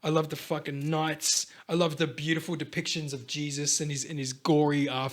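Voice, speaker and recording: A man chatting casually on a podcast, rambling and swearing, now and then acting out loud voices. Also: on the high side, level tone, normal speed. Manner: rambling, swears a lot, acts out voices loudly. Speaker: podcast host. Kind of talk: casual chat.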